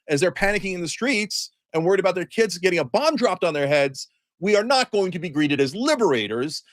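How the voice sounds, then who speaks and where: A man with a notably high voice rattles off heated political commentary at a rapid clip, sarcastic and emphatic as he rants. The recording is dry and close, with no room sound. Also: dry recording.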